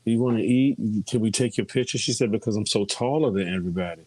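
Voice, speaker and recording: A man's voice: lowish voice, fast, darkish tone, slightly rough, dry recording. A middle-aged man chatting casually in a group, telling stories and quoting people. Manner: chatty storyteller, quotes others often.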